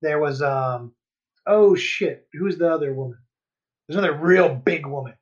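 A man's voice: on the high side, normal speed. A man co-hosting a podcast in casual chat, joking and rambling loosely with lots of fillers and swearing. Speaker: podcast co-host. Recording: dull lo-fi podcast audio.

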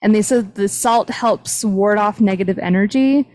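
The recording is rough, and the young woman's medium-pitched, slightly mellow voice moves at normal speed. Hosting a casual podcast, she retells a paranormal investigation chattily, filling it with "like" and similar fillers.

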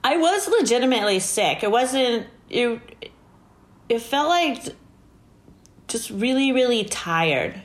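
A woman's voice: fairly high pitch, slow pace, long pauses. A woman guest telling a story in a casual interview, laughing often and acting out what people said. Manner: animated, laughing often, acts out quoted lines.

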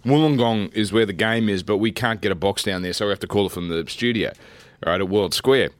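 An Australian man co-hosting a sports show, telling stories in a lively casual chat. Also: fairly quick, no room sound. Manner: animated storyteller, jumps high when excited. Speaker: radio sports co-host.

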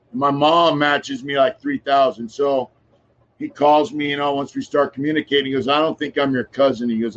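Telling a long personal story on his podcast, this laid-back man has a medium-pitched, fairly bright voice. He rambles casually and lets his lines trail off into mutters, all on a dull, lo-fi recording.

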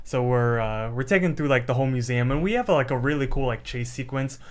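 Casual young man retelling a cartoon plot on a podcast, rambling with fillers and quick acted-out quotes. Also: mid-range voice. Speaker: podcast co-host. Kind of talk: casual chat recapping an episode.

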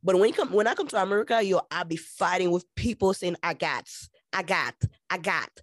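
Haitian-born woman co-host, blunt and giggly, halting delivery, dry close sound. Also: medium pitch, no room sound. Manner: frank, laughs often, halting restarts. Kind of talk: casual chat.

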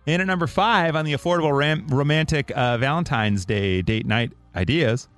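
A man's voice: medium pitch, dry recording, faint music behind. A man hosting a morning radio show, joking and laughing with callers and cohosts. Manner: animated, jokey, quick to laugh.

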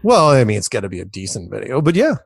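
A man's voice: wildly swooping pitch, quick pace, gravelly, slightly rough, dry recording. Middle-aged male guest, rambling storyteller, many restarts, dry close sound. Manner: rambling, repeats words, jumps to high pitch in quotes. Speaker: interview guest. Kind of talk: casual storytelling.

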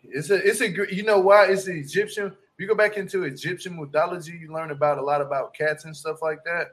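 A man's voice: fairly high pitch, steady tone, fast, a bit bright. A man co-hosting a casual chat, slangy and joking, often breaking into laughs. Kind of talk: casual chat reacting to a reality show.

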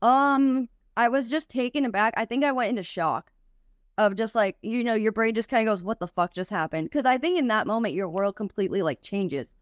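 A woman's voice: a little high, lively intonation, fairly quick, dry recording, studio quality. A young woman, a podcast guest, tells a personal story candidly, with frequent swearing and many "like" fillers.

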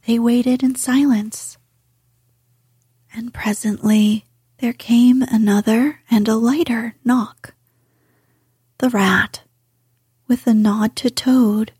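Whispered role-play storybook reading, lady whispering slow, super airy, dry close sound. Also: on the high side, husky, dry recording. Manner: soft unvoiced storytelling. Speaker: narrator.

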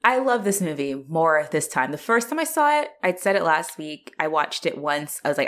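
A woman's voice: deep voice, sing-song, moderate pace, few pauses, a bit bright. A woman co-hosting a podcast, casually chatting about a movie, laughing often and swearing freely as she retells scenes. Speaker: podcast co-host. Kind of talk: casual movie discussion chat.

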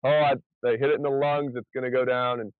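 A man's voice: mid-range voice, flat delivery, fast, clear, resonant tone, no echo. A man talking in a casual podcast chat as a guest, rambling with many restarts as he retells events. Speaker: podcast guest, survival show contestant. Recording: tinny phone-like sound.

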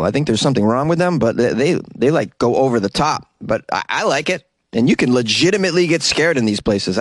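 A man riffing on odd news stories in a sarcastic, joking tone, with mid-pitched speech. The sound is dry and close, with no room around it. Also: no room sound. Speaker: host. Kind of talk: comedic news commentary. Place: Los Angeles.

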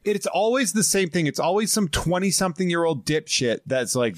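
A man's voice: high voice, expressive, brisk, no echo, clean studio sound. A man co-hosting a comedy podcast, blunt and crude, riffing on the story. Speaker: podcast co-host. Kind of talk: casual comedic chat.

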